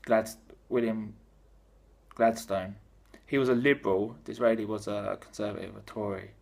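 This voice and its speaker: A man's voice: on the low side, steady tone, normal speed, vocal fry, darkish tone. A British man gives a loose, offhand account of history in casual talk. He is irreverent and sweary, with plenty of fillers. The tone stays sloppy and comic. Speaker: vlogger explaining history.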